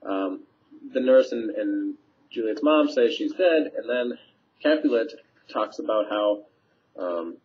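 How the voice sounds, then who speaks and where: A man, a teacher, casually summarizing a play scene for students, paraphrasing lines with fillers, recorded on a webcam mic. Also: lowish voice. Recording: dull lo-fi webcam audio.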